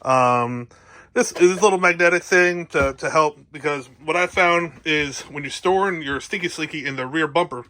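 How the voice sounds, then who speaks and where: Inside a travel trailer, a New Jersey-accented man gives a casual show-and-tell vlog, rambling cheerfully about his gear with plenty of fillers. His voice is a little high, pushed and bright, at a moderate pace.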